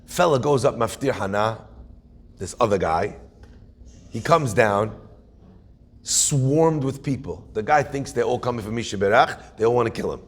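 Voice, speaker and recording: A rabbi telling a story in a sermon, animated, acting out characters with punchy asides. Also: male voice, medium pitch, normal speed, long pauses.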